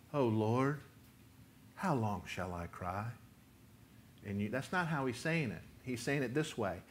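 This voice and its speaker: A man preaching a sermon, reading scripture and breaking into emphatic, near-shouted lines as he voices the prophet's complaint. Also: mid-range voice, lively intonation, measured pace, pauses often. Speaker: pastor.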